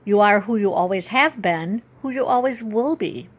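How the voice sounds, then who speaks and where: A woman reading the lines of a very old, wise great-grandfather, gentle and calm, speaking slowly and soothingly. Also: medium pitch, natural voice. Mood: gentle reassuring. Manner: slow, soothing, reassuring speech.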